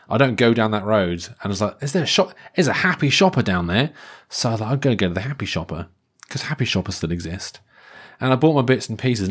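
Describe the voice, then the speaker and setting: Chatty British man, low voice, self-mocking. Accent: British English. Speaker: podcast host. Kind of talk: rambling casual monologue.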